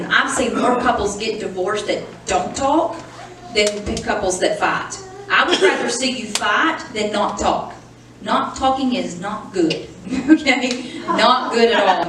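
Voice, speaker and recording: In a church hall, a middle-aged pastor's wife teaches on marriage in a chatty, sermon-like way, telling stories, laughing often, and calling the congregation "y'all." Her mid-range voice is fairly bright, captured on a distant mic in an echoey hall with slight background noise.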